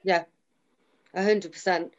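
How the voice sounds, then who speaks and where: A woman's voice: fairly low pitch, fairly even intonation, slow pace. A woman talking candidly in a casual chat, emphatic and often quoting herself and others. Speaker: guest sharing her story. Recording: slightly dull lo-fi sound.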